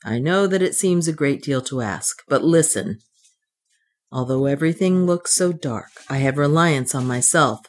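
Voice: medium pitch, animated, normal speed, lightly acted. A reader voicing an earnest, proud young man who speaks with restraint in an audiobook. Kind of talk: audiobook reading.

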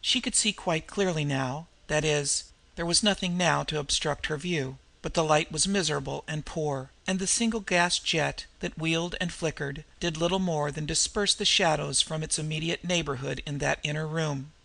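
A man reads a novel aloud in steady, measured narration. His voice sits somewhat high, with a gravelly fry and a bright, forward tone. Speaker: audiobook narrator. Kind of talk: scripted narration.

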